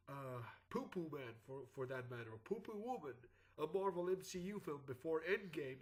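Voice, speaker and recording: A man's voice: a little high, low-quality recording. A sick man with clogged sinuses and a groggy morning voice, giving rambling casual commentary as a YouTube host. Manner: rambling, with frequent "uh" and restarts.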